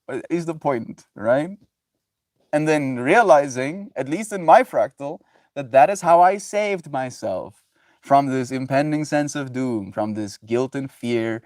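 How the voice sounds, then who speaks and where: A man's voice: mid-range voice, lively intonation, a little slow, a little mellow, no echo, clean studio sound. A man livestreaming, musing on love and forgiveness in a rambling way, laughing often as he reads chat. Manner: rambling, laughs often, loose filler-heavy talk. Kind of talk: casual spiritual musing.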